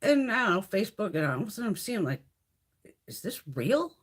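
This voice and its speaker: Foul-mouthed ranting woman, very lively pitch. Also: very fast. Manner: profane, ranting, blunt; laughs often while talking. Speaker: beauty livestream host. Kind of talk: casual live-stream chat with viewers.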